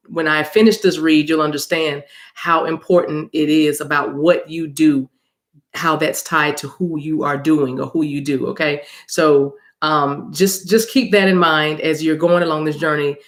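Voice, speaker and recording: A woman's voice: deep voice, steady tone, unhurried. A woman hosting a spiritual reading livestream on her phone, chatting casually with viewers, laughing, and calling them y'all. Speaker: spiritual reader and channel host.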